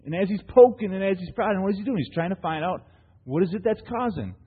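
Husky high-voiced preacher in a reverberant hall. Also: male voice, fast talker. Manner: asks the congregation rhetorical questions; animated storyteller with frequent "right?" tags. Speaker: pastor. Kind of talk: sermon. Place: church hall. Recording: long hall reverb, thin phone-like sound.

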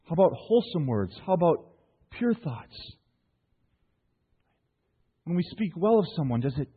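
A male pastor delivers a sermon in a husky, fairly high voice. He poses question after question to the congregation and tags his stories with "right?". The sound is thin and phone-like, with a long reverb tail from the hall. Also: normal speed, pauses often. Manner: asks the congregation rhetorical questions; animated storyteller with frequent "right?" tags. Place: church hall.

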